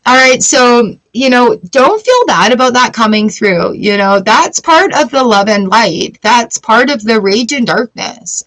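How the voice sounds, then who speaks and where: A woman's voice: on the high side, fairly bright tone. A woman giving a casual live-stream tarot reading, chatty and blunt and swearing freely. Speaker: tarot reader.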